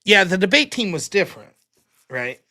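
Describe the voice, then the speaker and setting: A man's voice: high voice, sing-song, moderate pace, pushed and bright. Exasperated, profane male livestream host. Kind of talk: casual livestream talk, reading viewer donations.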